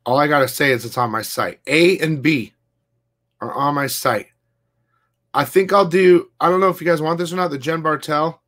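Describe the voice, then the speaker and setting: A man hosting a casual comic book livestream, talking fast and loose, swearing freely and reading viewer comments aloud. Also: fairly high pitch. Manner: profane, excitable, reads chat aloud. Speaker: comic shop livestream host. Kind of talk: casual live-stream chat.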